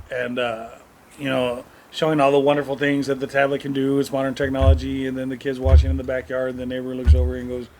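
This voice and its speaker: A man's voice: medium pitch, darkish tone, a little hiss or hum. A middle-aged man co-hosting a podcast in casual chat, blunt, profane and joking. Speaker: podcast co-host.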